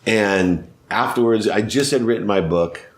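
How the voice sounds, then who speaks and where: A man being interviewed on a podcast, telling energetic stories and laughing often. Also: lowish voice, measured pace. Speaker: podcast guest, sports marketing CEO. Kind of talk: animated storytelling.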